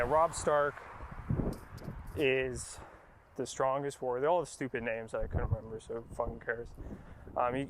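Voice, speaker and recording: A man's voice: mid-range voice, background noise. A young man casually recapping a movie, rambling and dismissive, with lots of fillers and swearing. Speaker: podcast host.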